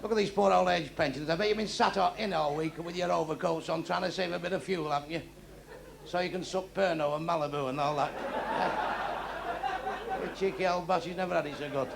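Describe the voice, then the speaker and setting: A male stand-up comedian, telling crude jokes bluntly and with deadpan timing. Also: a little high, fast talker, vocal fry. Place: comedy club with a live audience. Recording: echoey club recording with crowd noise.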